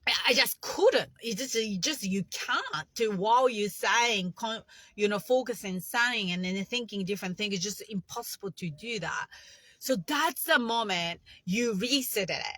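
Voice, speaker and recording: Bright-voiced woman coaching meditation. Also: mid-range voice, normal speed, no room sound. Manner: chatty, non-native English phrasing, guiding breaths. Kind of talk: casual instructional talk.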